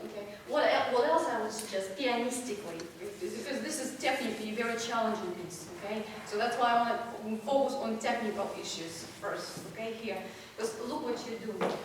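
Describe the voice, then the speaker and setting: Brisk and fairly high-voiced, a woman coaches a piano student in a masterclass, laughing, encouraging and exaggerating to drive points home. The recording comes from a distant room mic in an echoey recital hall, with a little hiss or hum and piano in the background.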